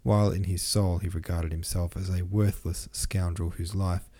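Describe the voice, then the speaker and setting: A man narrating a classic novel in a measured reading. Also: low voice, level tone, dark tone, husky. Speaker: podcast host, reader. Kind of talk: scripted narration.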